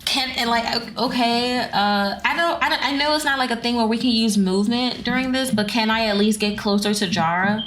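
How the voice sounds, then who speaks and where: A woman's voice: on the high side, a little fast, few pauses, fairly bright tone, soft background music. A woman playing a tabletop game, speaking eagerly with hesitant restarts. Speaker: player.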